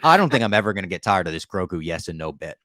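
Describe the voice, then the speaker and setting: A man co-hosting a podcast, casually recapping a TV episode in an animated way with some laughter. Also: low-pitched, rapid-fire. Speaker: podcast co-host. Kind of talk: casual show recap chat.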